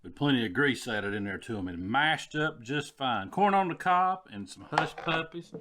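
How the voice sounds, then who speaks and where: A man's voice: mid-range voice, lively intonation, moderate pace, background noise. Folksy Southern man cooking barbecue. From Southern United States. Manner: folksy, drawling, addresses viewers as y'all. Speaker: cooking vlogger. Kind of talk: casual cooking vlog.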